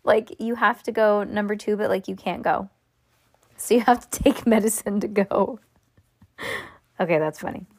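A woman's voice: mid-range voice, moderate pace, long pauses, a little mellow, no echo. A woman reading a chapter book aloud to a child at home, stopping for asides, restarts and laughs. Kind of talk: casual read-aloud of a novel.

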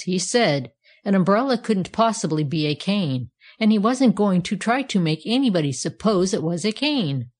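Lady reading as an old iron andiron spinning a yarn, plain and steady, storybook voice. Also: on the low side.

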